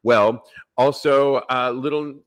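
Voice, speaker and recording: A man's voice: mid-range voice, steady tone, slow pace. A man from San Francisco hosting a live podcast, upbeat as he reads listener emails and announcements. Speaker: podcast host.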